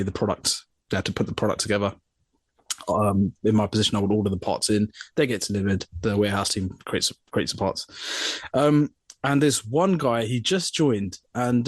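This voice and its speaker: In a dry, studio-quality recording, a young man with a medium-pitched voice co-hosts a podcast. He's an animated storyteller sharing a funny work anecdote, doing voices for the people he quotes.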